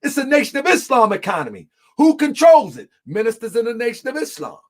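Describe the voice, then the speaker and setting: A man in a heated live debate, speaking emphatically, often shouting, repeating lines for effect and calling the audience family. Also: very high-pitched, wildly swooping pitch, fairly quick.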